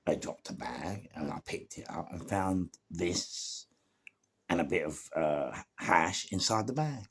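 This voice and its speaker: A man's voice: deep voice, lively intonation, a little slow, breathy edge. A middle-aged man, telling a rambling, slangy anecdote and repeating himself as he goes. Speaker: storyteller.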